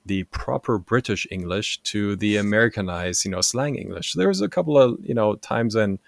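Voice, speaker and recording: Deep-voiced man telling stories. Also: normal speed, gravelly, no room sound. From Germany. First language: German. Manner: lively, tags sentences with "right?". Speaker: podcast guest. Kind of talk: casual storytelling chat.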